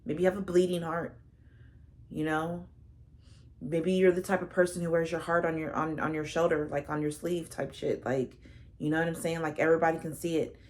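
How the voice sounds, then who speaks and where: Woman, casual storytelling, lowish pitch, rambling, earnest, emotional. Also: little pitch movement, a little fast. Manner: rambling, heavy use of fillers like "like" and "you know"; earnest, heartfelt and a little emotional. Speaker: tarot reader sharing a personal story.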